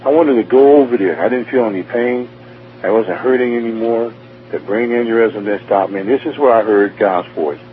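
A man's voice: mid-range voice, brisk, faint music behind. A man earnestly telling his near-death testimony as a guest, often repeating and restarting his words. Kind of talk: emotional personal testimony. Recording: tinny phone line with faint hum.

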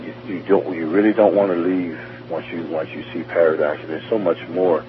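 This guest, a man with a low voice and fairly even intonation, speaks at a moderate pace. He earnestly shares his emotional near-death testimony, repeating and restarting his words often, over a tinny phone line with faint hum.

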